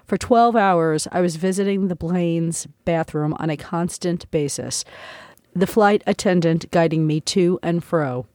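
A woman narrating her own memoir as an audiobook, slow, reflective and heartfelt. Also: on the low side, a little mellow, dry recording, clean studio sound.

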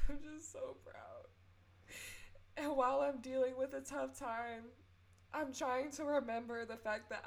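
A woman's voice: high-pitched, creaky. A young woman hosting a podcast, sharing a personal testimony in an earnest, tearful way and offering faith-filled encouragement. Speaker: podcast host.

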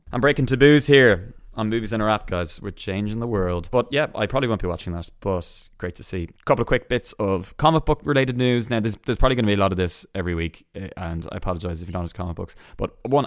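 A man hosting a solo entertainment news podcast, chatty and sarcastic, full of quick asides and restarts. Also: fairly low pitch, no room sound, studio quality. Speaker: podcast host.

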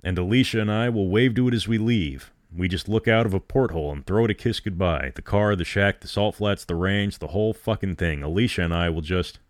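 A man voicing a lonely exiled man whose speech rises and shakes with excitement. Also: low voice, brisk, few pauses, dry recording, studio quality, natural voice. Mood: excited. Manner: shaky, rising with excitement. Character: lonely exiled man, middle-aged, desperate and emotional.

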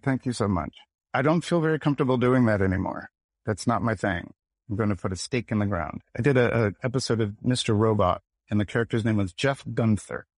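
A man from Michigan tells his story in an animated, conversational way and acts out the quoted voices as he goes. His voice sits a little low. The sound is dry and close to the mic, with no room around it. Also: no room sound. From United States, Michigan. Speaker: actor, podcast guest.

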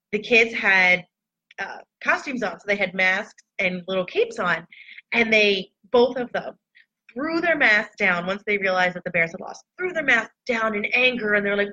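A woman's voice: mid-range voice, bright, forceful tone. A woman talking casually and candidly to her online followers in a reflective, loose storytelling way. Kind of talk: casual personal talk to followers. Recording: dull lo-fi recording.

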